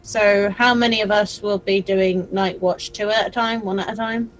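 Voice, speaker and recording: A woman's voice: mid-range voice, steady tone, normal speed, music in the background, low-quality recording. A woman playing a tabletop game, exasperated and swearing often in casual chat. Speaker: player.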